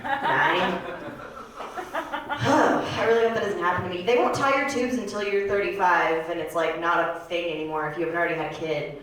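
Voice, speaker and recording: A woman of thirty doing a stand-up comedy set on a club stage, rambling and deadpan, with plenty of filler words. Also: fairly low pitch, normal speed. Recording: echoey club room from far off.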